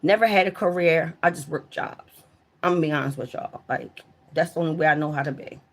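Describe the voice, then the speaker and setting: A woman telling stories from her old jobs to her live viewers in a casual, profane way, often talking straight to them and getting loud and excited when the story peaks. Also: low voice, fairly quick. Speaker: livestreamer.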